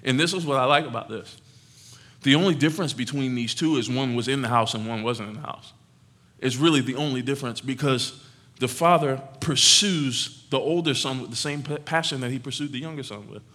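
Male preacher, bright tone, animated and conversational sermon delivery. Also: mid-range voice, fairly quick. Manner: animated, conversational, teasing the congregation.

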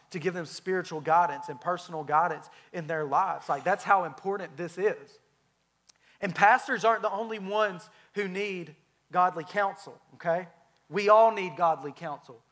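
High-voiced young preacher. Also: male voice. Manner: conversational and humorous, animated storytelling. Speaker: preacher at a church. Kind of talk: sermon.

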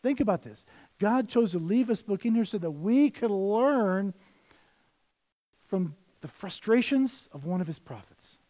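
A man preaching a conversational sermon as pastor, swinging between loud emphasis and quiet asides. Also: high-pitched, animated, unhurried. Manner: conversational preaching, rises and drops in volume.

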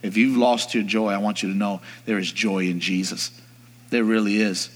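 A man preaching a sermon, swinging from hushed, slow reflection to rising, shouted exhortation, calling on the congregation to answer him. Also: lowish voice, steady tone, big-room sound. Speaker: pastor.

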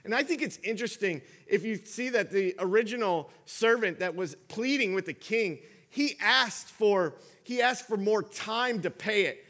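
A man's voice: sits high, normal speed, hardly any pauses, a bit bright. A man in his thirties, a father, preaching a sermon in a conversational storytelling way with frequent restarts. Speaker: pastor.

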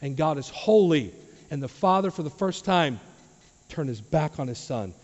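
A man preaches to his congregation, his fairly high voice dropping to quiet low asides and then surging into loud, emphatic questions. His sermon rings out with a long hall reverb. The sound is slightly dull. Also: expressive, moderate pace. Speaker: pastor. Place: church sanctuary.

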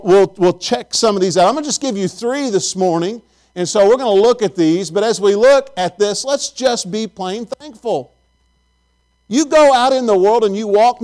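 A middle-aged pastor with a notably high voice for a man, preaching in a homey, conversational way. He tells stories and talks straight to his congregation. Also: darkish tone. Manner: folksy, storytelling, chatty with the congregation. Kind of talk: sermon.

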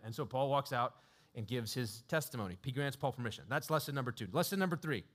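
A man preaching a sermon in a relaxed, conversational storytelling way, chuckling often and using lots of fillers. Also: medium pitch, quick pace.

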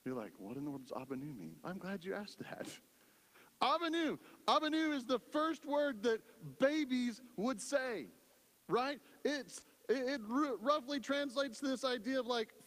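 A man's voice: extremely high pitch, big-room sound. A male pastor preaching a sermon in a conversational style, often checking in with the congregation. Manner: conversational preaching, lots of "right?".

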